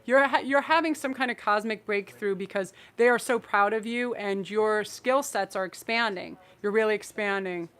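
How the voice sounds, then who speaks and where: A woman's voice: mid-range voice, moderate pace, hardly any pauses, fairly bright tone, smooth. A woman hosting a live-streamed tarot reading, effusive and emotional, rambling through her messages with restarts. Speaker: tarot reader and channel host.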